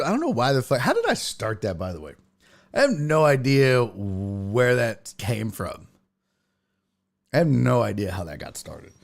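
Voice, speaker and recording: A man's voice: mid-range voice, very animated, a little slow, gravelly, long pauses. A man hosting a casual sports live stream, rambling and swearing as he reads chat messages. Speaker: sports podcast host.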